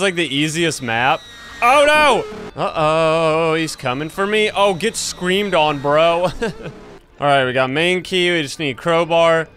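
A young man hosting a gaming channel, giving excited play-by-play commentary and yelping and laughing at scares. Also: a little high. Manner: jumpy, yelps and laughs at scares.

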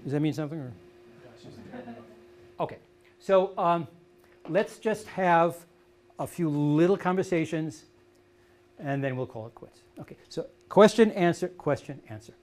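A man's voice: on the high side, expressive, a little mellow. Patient older man teaching a class. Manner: patient, corrects pronunciation, slow careful drills. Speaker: language teacher. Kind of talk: outdoor language class. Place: outdoor meadow gathering.

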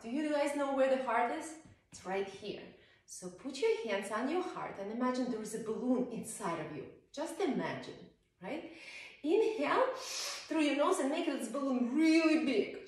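A woman's voice: on the high side, a little mellow. A woman teaching yoga to small children, playful and coaxing, often asking them questions as she guides the poses. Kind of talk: guiding a children's yoga class. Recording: echoey room, voice from far off.

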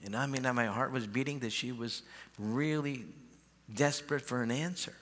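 A man's voice: mid-range voice, moderate pace, fairly bright tone. Folksy preaching man in echoing church. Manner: folksy, conversational preaching with repeated starts. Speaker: pastor. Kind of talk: sermon. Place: large church sanctuary. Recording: long church hall reverb.

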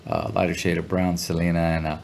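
Laid-back gravelly-voiced middle-aged man. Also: low voice, level tone, fast talker, darkish tone, a little hiss or hum. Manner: laid-back, chuckling, heavy slang. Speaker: guest musician. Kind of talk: casual storytelling interview.

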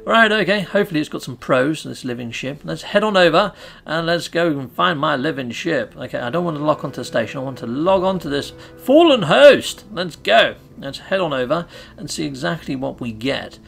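A British man hosting a gaming channel, giving excitable, chatty gameplay commentary and cheering himself on. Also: on the high side, brisk, gravelly, soft background music.

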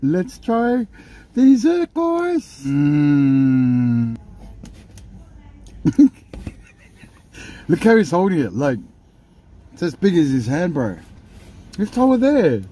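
A man's voice: on the high side, huge pitch swings, very slow, long pauses, dark tone. A man, hosting a mukbang and teasing his partner in casual chat while he eats. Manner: playful, teasing, often talks with his mouth full. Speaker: mukbang host.

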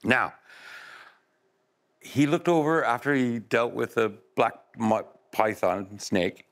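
A man telling a folk tale to children, expressive and playful with chuckling asides. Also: medium pitch, slow. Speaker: storyteller. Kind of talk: oral storytelling for children.

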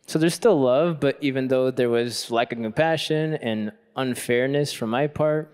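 A man who is a Catholic priest gives a workshop talk to a youth conference. He shares a personal story with earnest reflection, and his preaching builds to a fervent pitch.

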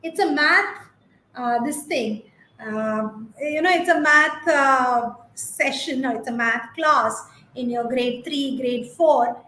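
Woman, high voice, chatty webinar presenter, echoey room. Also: slow, bright, forceful tone, a little hiss or hum. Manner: chatty, reads out attendees' comments, many fillers. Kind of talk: teacher training webinar.

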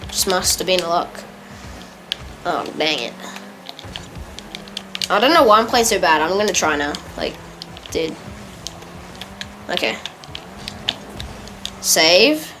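A woman giving casual, excitable gameplay commentary, correcting herself quickly and laughing often. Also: lowish voice, a little hiss or hum. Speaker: gamer.

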